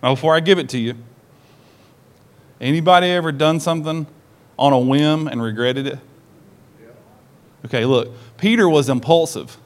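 A male pastor with a slightly high voice, preaching a sermon to his congregation. He tells the story with energy, acting out the lines he quotes and putting direct questions to the people in the pews. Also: moderate pace, pauses often. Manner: animated storyteller who acts out quoted lines.

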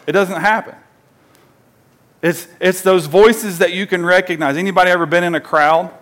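A man in his forties delivers a sermon in a conversational, animated way, his voice sitting a little high. He talks to the congregation like friends and has them repeat phrases back to him. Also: normal speed. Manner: animated, conversational preaching with call-and-response. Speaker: pastor.

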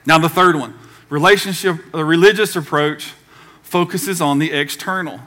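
A man's voice: a little high, moderate pace, sharp tone. A man from the American South preaching a conversational sermon as pastor, acting out quoted voices along the way.

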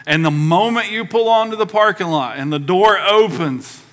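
A middle-aged pastor preaches a live sermon to his church in the sanctuary, his bright voice sitting slightly high. He stays conversational and expressive at a moderate pace, taking on the voices of the people he quotes.

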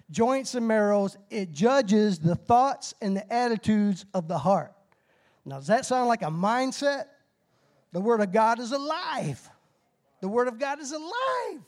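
A middle-aged man preaching a short, timed sermon with call-and-response. He is excitable and folksy, laughs at his own nerves, and bursts into shouted whoops. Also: high voice. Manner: folksy, self-deprecating about his nerves. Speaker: lay preacher.

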